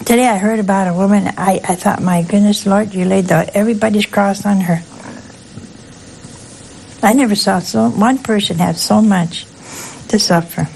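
Older nun preaching, chatty. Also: female voice, mid-range voice, creaky, a little mellow, slight background noise, rough recording. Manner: chatty, keeps asking the listeners questions; folksy and humorous. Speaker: nun giving a spiritual talk. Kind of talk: conversational sermon.

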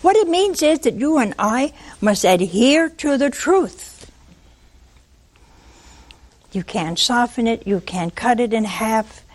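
An older woman giving a sermon, telling the story in a lively way, acting out voices and asking her listeners questions. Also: on the high side, takes it slowly, long pauses. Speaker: preacher.

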